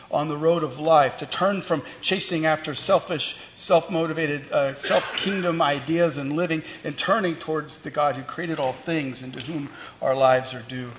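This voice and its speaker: In a reverberant hall, a pastor with a slightly bright voice pitched on the high side delivers a sermon. He preaches conversationally, with fillers and restarts, and the recording has long reverb plus faint ambient noise.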